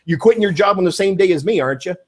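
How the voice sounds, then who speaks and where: A man giving a network marketing training talk, excitable and acting out phone calls with sudden bursts of shouting. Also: sits high, very fast. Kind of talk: animated sales training talk.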